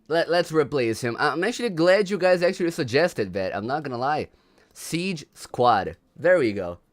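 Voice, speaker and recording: A young man from Brazil with a Brazilian accent, hosting a casual livestream, laughing often and repeating himself in slangy chatter. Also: medium pitch. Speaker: livestream host.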